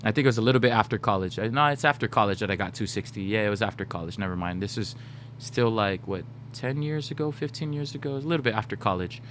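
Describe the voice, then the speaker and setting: A man in his thirties streaming, telling funny stories to his chat in a casual, animated way. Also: on the low side, quick pace, slight background noise. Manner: animated, laughing, slips into put-on voices for quoted people.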